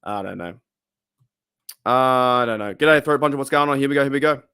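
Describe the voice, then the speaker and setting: A man with an Australian accent and a hoarse, cracking voice, hosting a casual live chat and reading out viewer comments. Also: medium pitch, moderate pace, pushed and bright, no room sound, studio quality. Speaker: livestream host. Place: home room.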